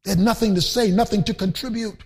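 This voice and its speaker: A man preaching a sermon, emphatic and often shouting, rising into a sing-song chant, with colloquial joking asides to the congregation. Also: high-pitched, fairly even intonation, fast talker.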